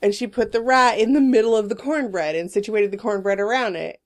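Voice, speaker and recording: A woman co-hosting a casual chat podcast, telling a story in a lively, laughing way and swearing freely. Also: medium pitch, a little fast. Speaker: podcast co-host. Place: Portland, Oregon area.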